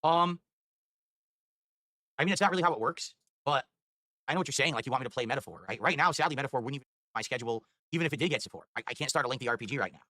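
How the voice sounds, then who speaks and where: A male streamer rattles on at a very fast clip, exasperated and swearing as he goes. His voice is bright and a touch high, and it sounds dry and close with no room around it. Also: no room sound. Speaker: livestreamer. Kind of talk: live stream chatter.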